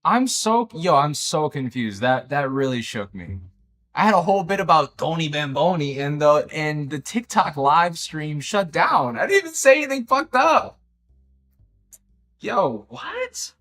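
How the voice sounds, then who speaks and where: A man talking casually on his livestream, swearing and reacting with disbelief, his pitch jumping all over. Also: a little slow. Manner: animated, swearing, incredulous outbursts. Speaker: livestreaming painter. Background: background jazz music.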